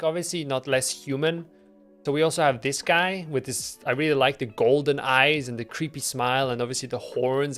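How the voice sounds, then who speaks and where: A man's voice: medium pitch, fairly bright tone. Rambling man on a devlog stream. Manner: rambling, filler-heavy, self-deprecating. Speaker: indie game developer streaming. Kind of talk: casual devlog stream talk.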